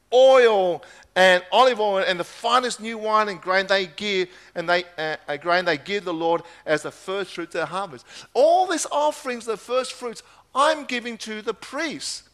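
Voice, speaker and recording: A man with a high voice preaching a sermon. He reads scripture passages aloud and stresses his points by repeating them with emphasis. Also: unhurried, a bit bright.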